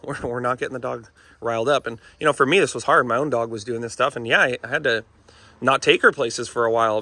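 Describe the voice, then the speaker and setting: Bright-voiced man explaining dog training. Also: mid-range voice, dry recording. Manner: chatty, emphatic, often says "folks". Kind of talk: casual instructional vlog.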